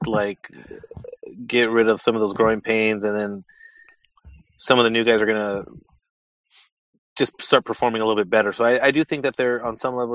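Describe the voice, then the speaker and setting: A man's voice: lowish voice, a bit bright, dry recording. A man co-hosting a casual podcast chat, talking tentatively and hedging his points. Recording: slightly dull lo-fi sound.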